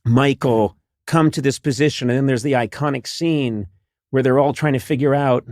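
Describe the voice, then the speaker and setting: A man's voice: medium pitch, fairly even intonation, moderate pace, darkish tone, no echo, clean studio sound. A man hosting a podcast, chatting loosely and retelling film scenes with restarts and bursts of laughter. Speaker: podcast host. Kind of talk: casual conversational podcast talk.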